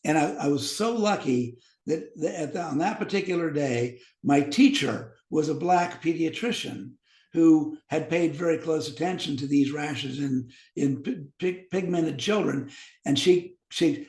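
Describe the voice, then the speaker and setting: Man, 50s, physician, lively storyteller, higher pitch, echoey room. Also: a little slow. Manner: animated anecdotes, acts out quoted dialogue. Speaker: physician guest. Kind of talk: storytelling in a podcast interview.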